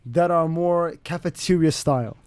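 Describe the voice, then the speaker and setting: A man's voice: on the high side, moderate pace, a little mellow, clean tone, dry recording. A male radio co-host in casual studio banter, playfully acting out the conversations he retells. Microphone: studio mic.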